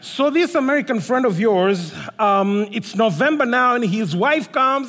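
A man preaching a sermon, reading scripture and acting out dialogue in an animated way. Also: very high voice, moderate pace, few pauses. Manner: animated storytelling with voiced dialogue. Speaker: pastor. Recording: long reverb of a large hall.

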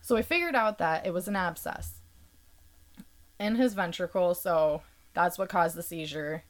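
Low-voiced woman explaining carefully. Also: normal speed. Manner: earnest, explaining carefully with fillers. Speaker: podcast guest. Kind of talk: casual conversational explanation.

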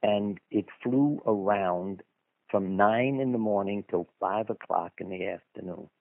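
A man's voice: on the low side, measured pace, vocal fry, no echo. A man being interviewed as a guest author, telling anecdotes in a conversational, rambling way with asides. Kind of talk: anecdotal storytelling in a radio interview. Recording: dry phone-line audio.

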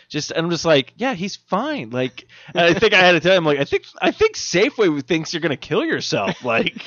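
A man's voice: on the high side, sing-song, brisk, fairly bright tone, no echo, highs cut off. A middle-aged man chatting casually, telling a work story with laughter and acted-out quotes. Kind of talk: casual chat.

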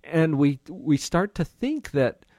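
A man with a fairly high voice hosts an interview show and talks in a reflective, unhurried way. He often turns to address the listeners directly. His voice sounds close and dry, with no room echo. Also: sing-song, a little mellow. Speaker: podcast host, doctor. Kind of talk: casual interview talk.

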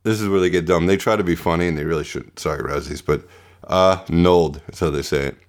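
A man's voice: low-pitched, fairly quick. A man hosting a podcast who jokes offhandedly while reading through lists. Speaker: podcast host. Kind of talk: casual chat.

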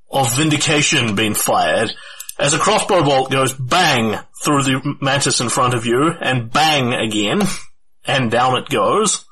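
A man narrating a tabletop game as game master in a deliberate, descriptive way. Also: mid-range voice, bright, forceful tone, a little hiss or hum, rough recording.

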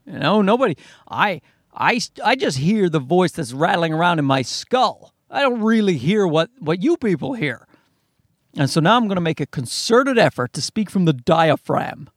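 A comedian in his thirties hosts his podcast solo, rambling, poking fun at himself, swearing freely, and often restarting sentences. His voice sits high and is very animated at a normal speed, recorded close on a podcast mic with a dry, clean studio sound.

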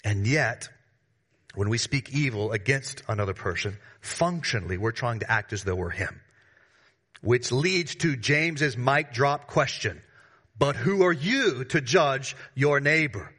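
Male pastor, bright voice, emphatic sermon delivery with sudden bursts and slangy asides. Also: animated, unhurried, husky. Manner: emphatic preaching with sudden rises in pitch and volume.

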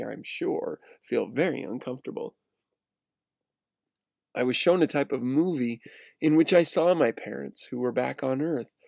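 A man reads a personal story aloud in an earnest, steady way, sometimes restarting a phrase. His voice is gravelly and fry-tinged, recorded close and dry with no room sound. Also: mid-range voice, dry recording. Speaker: narrator. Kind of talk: read-aloud first-person story narration.

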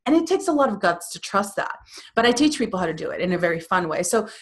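A woman coach talking as a guest on a podcast interview, energetic and acting out the voices she quotes. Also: mid-range voice, fast.

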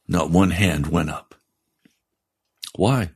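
Fiery preacher man, low voice. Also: steady tone, slow pace, gravelly, pauses often, a little mellow, breathy edge. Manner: fiery, rising in pitch on pointed questions; reads scripture aloud. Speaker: pastor. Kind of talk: radio sermon.

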